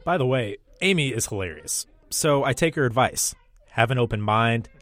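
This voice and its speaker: A man's voice: medium pitch, expressive, normal speed, a bit bright. A man hosting a radio segment, narrating in a scripted, wry, self-deprecating way.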